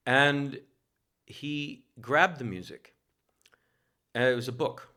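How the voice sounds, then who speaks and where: Animated self-mocking male storyteller. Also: mid-range voice, slow pace. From New York City. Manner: animated, self-mocking, laughs while telling. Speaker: guest. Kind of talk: casual interview storytelling.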